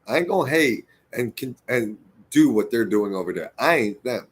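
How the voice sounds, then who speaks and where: A man from the United States talking straight to his viewers in a heated, profane monologue, swinging between loud outbursts and muttered asides. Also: medium pitch, animated, moderate pace, slightly rough. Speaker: vlogger. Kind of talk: impassioned monologue to camera.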